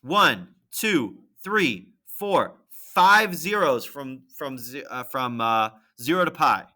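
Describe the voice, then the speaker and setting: A math teacher walking through a graphing problem on screen, thinking aloud and checking in with "right?" and "okay?". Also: male voice, mid-range voice, expressive, slow, pushed and bright. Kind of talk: screen-recorded lesson walkthrough.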